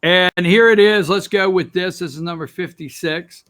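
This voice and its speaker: A man hosting a political opinion show talks straight to viewers in a high, fairly bright voice at normal speed. His commentary is opinionated, rambling, and sarcastic.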